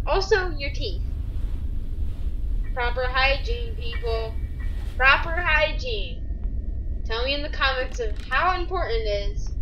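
A woman's voice: high voice, background noise. A woman giving jumpy, chatty commentary while playing a horror game, full of exclamations. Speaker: gaming video creator. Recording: distant voice with loud game music.

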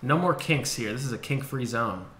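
A man's voice: mid-range voice, lively intonation, moderate pace, sharp tone. A young man co-hosting a podcast in casual, profane chat, laughing often. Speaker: podcast co-host. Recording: echoey room, faint background noise.

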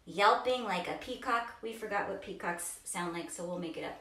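A woman teaching a children's yoga storytime, reading aloud in a slow, coaxing, sing-song way. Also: medium pitch, a bit bright. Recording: roomy, distant from mic.

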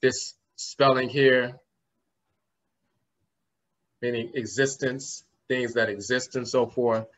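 A man's voice: mid-range voice, steady tone, slow pace, pauses often, a bit bright. A man giving a conference lecture, explaining word roots and spelling terms out letter by letter, often trailing off with "and so forth". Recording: slightly muffled lo-fi recording.

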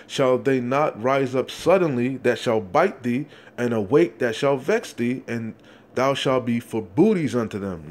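A man's voice: mid-range voice, darkish tone. Man preaching, peppering lines with "you see?". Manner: reads verses slowly, breaks in with constant "you see?" and "man". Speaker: street preacher. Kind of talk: fiery scripture exposition.

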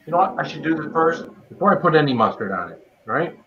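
A man's voice: on the high side, expressive, fast, bright, forceful tone, a little hiss or hum. A man hosting a casual live stream, tasting spicy food and greeting viewers by name as he eats. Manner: chatty, greets viewers by name while eating. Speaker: livestream host doing a spicy food tasting. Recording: dull lo-fi stream audio.

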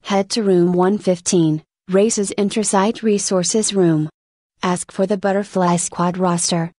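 A woman voicing a calm, wry female mentor in a spoken story reading. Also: medium pitch, measured pace, dry recording, natural voice. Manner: calm, dry.

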